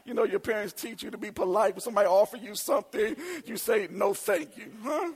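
A preacher with a very high, husky voice delivers a sermon to his congregation. He calls out to the room and builds his points into shouted, repeated refrains. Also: fast talker.

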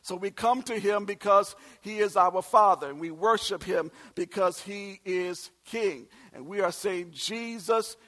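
A man in his forties preaching a sermon, calling out to the congregation and swinging from soft asides to shouted lines. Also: high-pitched, unhurried, few pauses. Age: 40s. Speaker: pastor.

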